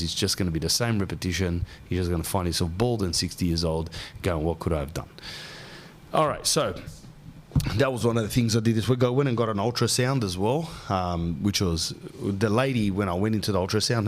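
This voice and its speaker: Male podcast host, lowish voice, loose and slangy, a rambling storyteller. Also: slight background noise. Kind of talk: casual chat.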